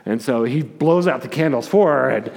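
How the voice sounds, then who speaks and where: A man preaching a sermon, telling a story in an animated way with repeated words. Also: medium pitch, normal speed, creaky. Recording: long hall reverb.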